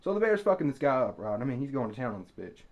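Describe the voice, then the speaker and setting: A young man ranting to his camera, telling a story with profanity and sarcasm, and breaking into loud mock screams. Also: mid-range voice, sing-song, very fast. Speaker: vlogger. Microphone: camera mic.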